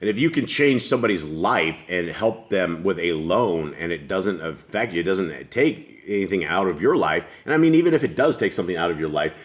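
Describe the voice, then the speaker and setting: Deep-voiced man reading and discussing scripture. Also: lively intonation. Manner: easygoing, reads verses slowly, chuckles. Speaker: host of a scripture study discussion. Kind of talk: casual discussion with read-aloud scripture.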